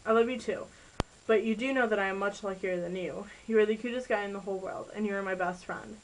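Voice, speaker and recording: A woman's voice: medium pitch, fast, a little hiss or hum, close to an everyday voice, rough recording. A woman reading as a hurt teenage girl. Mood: affectionate. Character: teenage girl, heartbroken and touchy.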